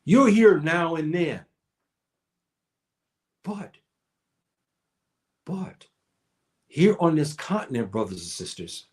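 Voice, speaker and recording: A man's voice: on the high side, darkish tone. A man with an African American accent giving a spoken lecture to online viewers, preacherly and repeating his points. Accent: African American English. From United States. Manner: preacherly, repeats "brothers and sisters" and "okay".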